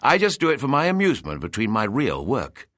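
A man's voice: medium pitch, huge pitch swings, fairly quick, fairly bright tone, dry recording, clean studio sound, voice pushed up. A man voicing a proud seventeen-year-old young man who answers airily and stiffly. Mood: airy. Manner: airy, stiff.

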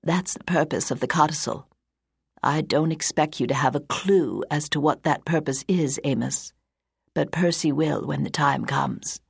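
A woman voicing a wealthy, sharp-minded woman in her eighties who speaks firmly and crisply. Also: sits low, moderate pace, dry recording, clean studio sound, full character voice. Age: 80s. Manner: firm, crisp, unbending.

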